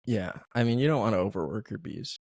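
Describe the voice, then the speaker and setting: A man's voice: lowish voice, animated, quick pace, darkish tone, dry recording, studio quality. A man co-hosting a podcast in casual video-call chat, laid-back and apologetic, often trailing off mid-sentence. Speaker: podcast co-host.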